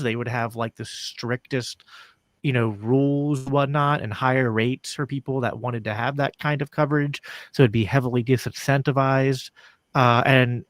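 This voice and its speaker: A man hosting a casual podcast conversation, his voice sitting at an ordinary middle pitch. He talks in loose, looping sentences full of "like" and small laughs. The recording is close and dry, with almost no room sound. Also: no echo. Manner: loose, filler-heavy talk with frequent "like" and quick laughs. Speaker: podcast host.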